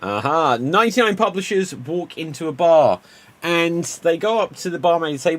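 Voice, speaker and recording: A man hosting an improv show, telling quick pun jokes and calling on players by name. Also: a little high, very animated. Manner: quick punny joke-telling, calls on players. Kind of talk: improv joke game.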